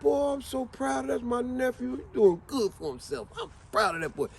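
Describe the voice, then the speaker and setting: A man voicing a proud older uncle who gushes about his nephew in a high, excited drawl. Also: moderate pace, vocal fry, slight background noise, heavily acted.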